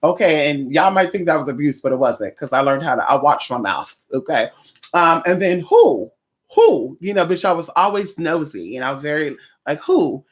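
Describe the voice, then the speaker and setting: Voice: medium pitch, sing-song, normal speed. A livestream host chatting casually with viewers in a sassy, profane way, calling them honey.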